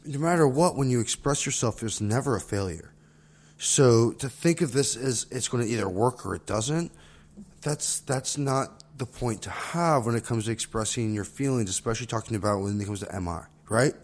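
A man's voice: mid-range voice, moderate pace. A man co-hosting a casual conversation, reflective and circling back on his points with frequent "right?" tags. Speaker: podcast co-host. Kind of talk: casual conversation about relationships and therapy skills.

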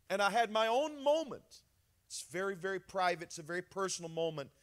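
A middle-aged male pastor preaching a sermon, swinging between soft, confiding talk and emotional outbursts. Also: high voice, fairly quick.

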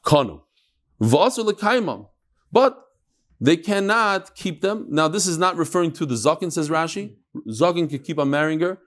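A man teaching a Talmud class in a study hall, explaining in English and mixing in Hebrew and Aramaic terms. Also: moderate pace. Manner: animated, with sudden swings up and down in pitch.

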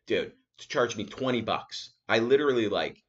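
A man's voice: medium pitch, normal speed, highs cut off. A young man hosting a solo podcast, telling rambling, profane stories and acting out other people's lines. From New York area resident. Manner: rambling, profane, animated storytelling with acted-out quotes. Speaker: podcast host. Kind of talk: casual solo podcast monologue.

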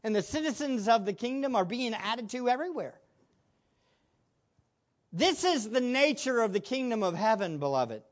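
A man's voice: very high-pitched, big pitch swings, moderate pace, pauses often, dull audio. A man preaching a sermon as pastor, earnest and asking the congregation rhetorical questions.

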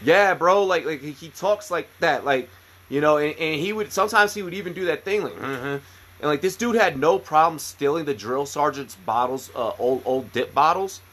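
A man in his thirties with a slightly high, husky voice. He rambles through a story with constant profanity, cutting himself off and starting again, in a loose, casual podcast chat. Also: moderate pace, a bit bright. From United States. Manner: profane, rambling, many restarts. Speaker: podcast co-host, military veteran.

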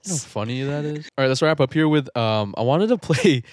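A man's voice: mid-range voice, lively intonation, brisk. A young man co-hosting a podcast, teasing his friend in casual chat and keeping the game going with short remarks. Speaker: podcast co-host.

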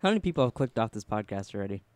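A man's voice: fairly low pitch, sing-song, racing, darkish tone, dry recording. A man co-hosting a podcast in casual chat, rambling and laughing often at himself. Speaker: podcast co-host.

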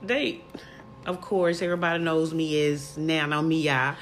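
Older grandmother guest; very low voice, easygoing and laughing, faint background noise. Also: fairly even intonation, unhurried. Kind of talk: casual podcast discussion.

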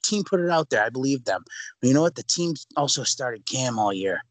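A young man co-hosting a sports podcast, ranting loudly with sudden jumps in pitch. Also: lively intonation, fairly quick, dry recording, low-quality recording. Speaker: podcast co-host.

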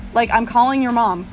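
A young woman telling a story in casual chat, animated and swearing as she talks. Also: fairly high pitch. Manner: animated, swearing, laughing often.

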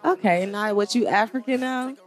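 A woman's voice: fairly high pitch, moderate pace, soft background music. A woman guesting on a podcast in casual chat, teasing and questioning.

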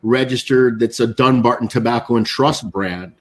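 A man answers questions as a guest on a live online talk show, with a steady middle-pitched voice. He tells long stories, slipping into other people's voices for their lines. His delivery is casual and conversational. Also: normal speed. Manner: storytelling, acting out others' quotes. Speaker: guest, cigar maker. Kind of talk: live interview anecdote.

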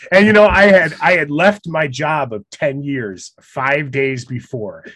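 In a casual chat, a man tells the story of a tough outdoor trip, mocking himself and laughing often. His voice is on the high side, unhurried and sharp in tone, with no room sound.

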